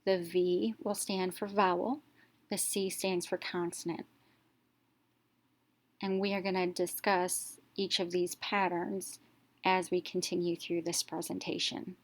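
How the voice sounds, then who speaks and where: A woman teacher narrating a reading lesson, explaining step by step and sounding out letters clearly. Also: lowish voice, little pitch movement, a little slow.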